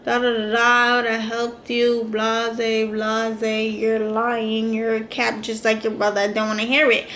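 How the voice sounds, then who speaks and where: A young adult woman vlogger, telling a storytime with animated, slangy quotes. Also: a little high, unhurried, few pauses, reverberant. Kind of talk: storytime vlog.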